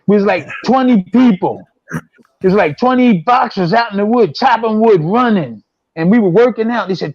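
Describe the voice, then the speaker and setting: Older guy in his 60s, high voice, rambling boxing stories, dull dry sound. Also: animated, moderate pace, no room sound. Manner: rambling, repeats himself, acts out quotes. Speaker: guest, former boxer. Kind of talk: casual storytelling.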